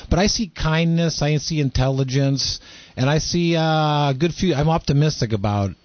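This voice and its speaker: A man's voice: a little high, normal speed, no room sound. A man in casual banter with a co-host, easygoing and earnest, laughing often. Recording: dry, dull lo-fi audio.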